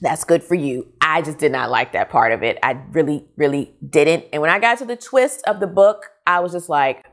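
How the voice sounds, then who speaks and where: A woman's voice: low-pitched, animated, normal speed, hardly any pauses. A middle-aged woman and mother giving a frank, exasperated book review in a casual vlog.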